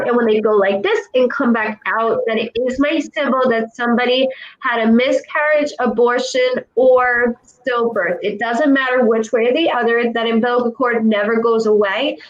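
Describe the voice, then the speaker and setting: Woman, clairvoyant, earnest and repetitive, fairly high voice, dull lo-fi sound. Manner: earnest, repetitive, relays quotes from the dead. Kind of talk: giving a psychic reading.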